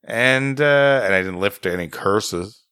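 A man's voice: fairly low pitch, slow, bright, forceful tone, clear, resonant tone, no echo, studio quality. A man playing through a gamebook, talking casually about his choices and laughing often. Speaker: player, co-host.

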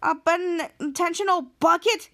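A woman's voice: very high-pitched, normal speed, fairly bright tone, voice pushed up. A woman quoting the earnest lines of a quirky teenage boy while retelling a show. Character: quirky teenage boy who collects buckets.

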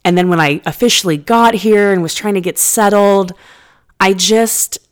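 A woman's voice: medium pitch, moderate pace, clear, resonant tone. A woman in her thirties hosting a casual solo podcast from her apartment, chatty and rambling, with self-deprecating asides and casual swearing. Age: 30s. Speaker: podcast host. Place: apartment room. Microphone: podcast microphone.

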